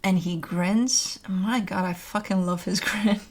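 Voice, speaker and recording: A woman's voice: mid-range voice, fairly even intonation, unhurried, slight background noise. Doting woman cooing to her pets. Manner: doting, laughing baby talk with pets. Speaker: tarot reader host. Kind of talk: casual chat.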